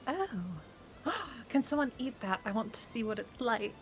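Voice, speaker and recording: A woman playing a tabletop game, excitable and playful as her character. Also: a little high, unhurried, a little hiss or hum. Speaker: player. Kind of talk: tabletop game role-play.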